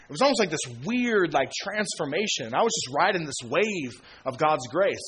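Bright-voiced casual preacher man. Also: on the high side, expressive, moderate pace. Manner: casual, slangy, acts out quoted friends with laughs. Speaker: pastor. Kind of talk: sermon.

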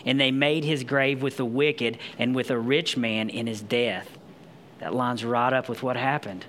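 A man preaching a sermon at a middle pitch, moving between read-aloud scripture and casual, emphatic explanation with quick restarts. A faint noise sits under his voice. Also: steady tone, a bit bright. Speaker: pastor.

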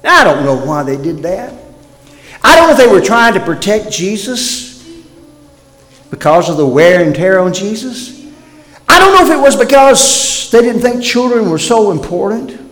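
Animated high-pitched preacher in a reverberant hall. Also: male voice, normal speed. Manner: animated preaching, swings from loud emphasis to near-whispered lows. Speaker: pastor. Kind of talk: sermon.

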